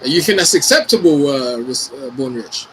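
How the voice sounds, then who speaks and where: Forceful British man arguing his point. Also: medium pitch, animated, normal speed, a little hiss or hum. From United Kingdom. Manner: forceful, argumentative, profane, insists on finishing. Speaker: debate panelist. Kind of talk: heated online debate.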